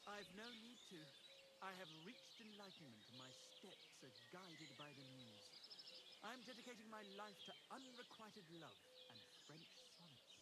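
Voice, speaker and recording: An actor playing a lovesick, pompous young medieval poet who speaks in a lofty, theatrical way in a video game. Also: male voice, high voice, very animated, moderate pace. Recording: loud outdoor nature noise.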